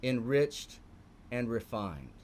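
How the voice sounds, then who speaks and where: Texan man teaching art, slow and emphatic with a sing-song lilt, faint room noise behind. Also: medium pitch, very animated, a little mellow. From Texas. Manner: emphatic, lingers on words, repeats phrases for stress. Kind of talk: live online morning art lesson.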